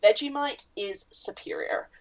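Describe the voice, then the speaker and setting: A woman's voice: a little high, a little slow. A woman with an Australian accent, co-hosting a podcast and telling stories in casual chat with a lot of swearing. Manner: animated storytelling, frequent swearing. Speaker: podcast co-host.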